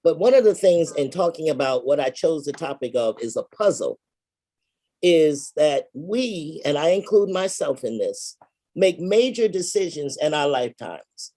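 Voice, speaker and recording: A woman giving a measured, explanatory presentation on funeral pre-planning over a video call. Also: deep voice, big pitch swings, dark tone.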